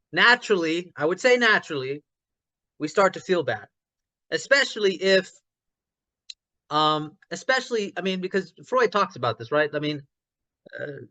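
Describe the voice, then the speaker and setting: A man talking through an idea in a casual online discussion, his voice bright and forceful and pitched a little high. He restarts often as he thinks aloud and grows loud when an idea excites him. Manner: gets loud when passionate about ideas. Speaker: discussion participant.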